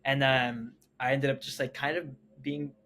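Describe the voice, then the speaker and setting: A young man, a podcast guest, telling a story in a casual, animated way, acting out other people's lines and saying "like" often. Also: medium pitch, normal speed. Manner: animated, acts out family members' lines, heavy "like" fillers.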